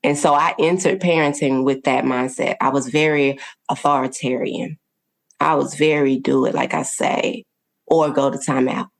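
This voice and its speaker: A woman's voice: extremely low pitch, steady tone, moderate pace, creaky. A woman guest on a podcast, telling her parenting story in an earnest, conversational way, laughing often and checking in with her listeners.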